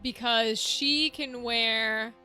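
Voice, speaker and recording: A woman streaming a game, chatting casually and thinking out loud as she sorts out gear. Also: fairly high pitch, fairly even intonation, drawn-out words. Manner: chatty, thinks aloud, easily amused. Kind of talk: casual gameplay chat. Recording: game music underneath.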